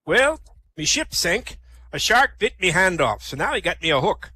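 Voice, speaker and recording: A salty male pirate with a hook and peg leg, talking like an old sea dog and saying "me" for "my", as a man puts him on. The voice sits high and sounds bright and forceful, like a joke told at a comedy night. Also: sing-song, moderate pace, husky, no room sound, heavily acted. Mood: boastful. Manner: pirate talk, "me" for "my".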